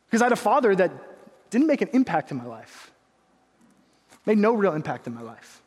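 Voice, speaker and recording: A young man preaching a sermon, telling a personal story in an earnest, animated way, with quick asides to the congregation. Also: sits high, husky, long reverb tail. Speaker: pastor.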